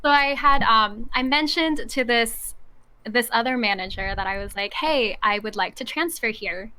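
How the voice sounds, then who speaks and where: Young woman guest, high bright voice, lively anecdote style with frequent laughs. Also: moderate pace, smooth. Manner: animated, acts out quoted voices, laughs often. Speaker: podcast guest. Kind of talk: casual storytelling chat.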